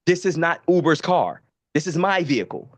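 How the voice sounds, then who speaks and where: A man from Baltimore, a podcast co-host, telling stories in a profane, animated casual way. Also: a little high, normal speed, dry recording. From Baltimore, USA. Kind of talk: casual storytelling.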